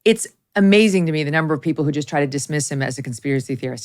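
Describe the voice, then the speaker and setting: A woman hosting a talk show, delivering commentary in a brisk, sardonic way. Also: sits low, lively intonation, darkish tone. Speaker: host.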